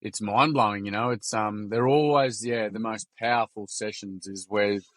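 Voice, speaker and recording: A young adult man with an Australian accent, a guest on a podcast, telling animated stories in casual slang and acting out quotes. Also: on the low side, normal speed. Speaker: podcast guest, workshop founder. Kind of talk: casual storytelling interview.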